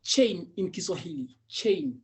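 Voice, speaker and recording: A man's voice: sits high, expressive, a little slow. A man teaching Swahili, patiently drilling each word many times and chuckling often. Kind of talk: language lesson drilling.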